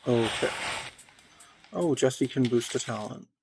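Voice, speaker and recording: A man's voice: medium pitch, animated, measured pace, vocal fry, over music. A man reading a text game aloud as he plays, thinking aloud with hesitant fillers. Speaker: player.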